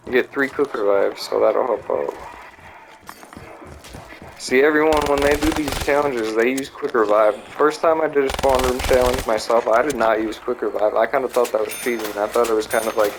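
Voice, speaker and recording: Profane rambling man over clicking noise. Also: medium pitch. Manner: profane, rambling, full of fillers. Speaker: gamer. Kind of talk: casual gameplay commentary.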